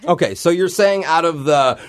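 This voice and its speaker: A man on a radio show making a prank phone call, politely deadpan as a fake city clerk. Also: a little high, normal speed, clean tone. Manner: mock-polite, deadpan, breaks into laughter.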